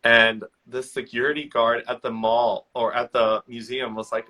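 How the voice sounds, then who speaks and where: A man's voice: medium pitch, fairly even intonation, moderate pace, hardly any pauses, sharp tone, low-quality recording. A man hosting a podcast, chatting casually and telling funny stories from past jobs, acting out the people he quotes in a raised voice. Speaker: podcast host.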